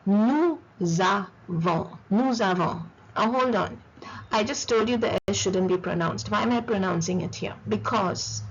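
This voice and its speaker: A woman teaching a French lesson, patient and repeating each word slowly for practice. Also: mid-range voice, gravelly, slightly rough. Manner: patient, repeats words for drill. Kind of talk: slow recorded lesson. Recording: dull lo-fi recording.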